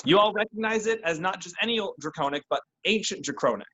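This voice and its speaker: A man leads a tabletop game as game master, his voice sitting a little high for a man. He narrates in a halting, unhurried way, with many fillers between his phrases. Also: animated, a bit bright, muffled recording.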